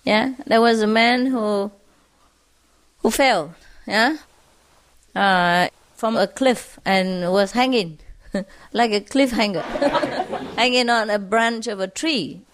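Woman storyteller, unhurried joke-telling, slightly high voice, chuckles a lot. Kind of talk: telling jokes to an audience.

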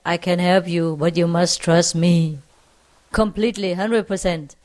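A woman doing a low solemn voice of God. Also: fairly even intonation, measured pace, a little mellow, natural voice. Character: calm voice of God from the sky.

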